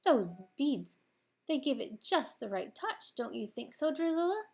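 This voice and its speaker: A woman's voice: sits high, very animated, measured pace, vocal fry, voice pushed up, exaggerated voice. A woman voicing a smug, scheming middle-aged stepmother with a mock-sweet, raised voice in a storybook reading.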